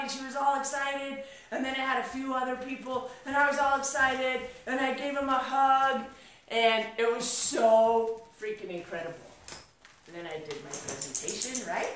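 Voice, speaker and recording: A woman telling a motivational story as a mentor, animated, moving between hushed and excited. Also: medium pitch, normal speed, recorded from a distance, slight background noise. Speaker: mentor and speaker. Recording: very echoey room, from off-mic.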